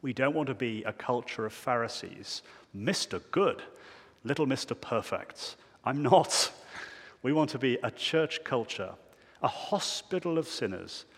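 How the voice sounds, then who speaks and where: A male pastor preaching a sermon in a church, emphatic, swinging between loud declarations and hushed low phrases. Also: slightly rough, big-room sound.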